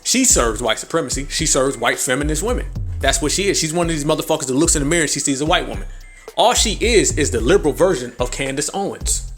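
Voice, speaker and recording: A man's voice: a little high, animated, quick pace, faint music behind. Angry, profane man hosting a podcast. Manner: angry, profane, mocking, with sarcastic mimicry. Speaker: podcast host. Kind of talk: heated political commentary.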